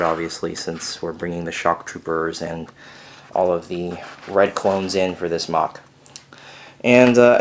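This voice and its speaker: Young male hobby vlogger, lowish voice, loose rambling delivery with lots of fillers, recorded at home. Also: slight background noise. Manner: rambling, chatty, many fillers. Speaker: Lego builder vlogger. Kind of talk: casual video update. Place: bedroom at home.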